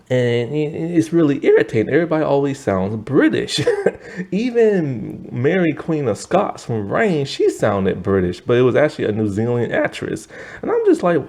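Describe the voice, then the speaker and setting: Young man, casual show recap, rambling fillers, low mellow voice, lively intonation. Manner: rambling, heavy use of fillers, animated asides. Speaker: TV review host.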